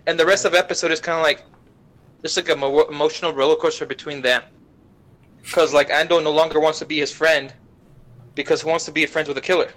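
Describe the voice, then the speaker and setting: A man's voice: on the high side, low-quality recording. A young man casually retelling an anime plot, swearing a lot and briefly putting on the characters' voices. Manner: profane, animated retelling with quick voices for characters. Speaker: podcast guest.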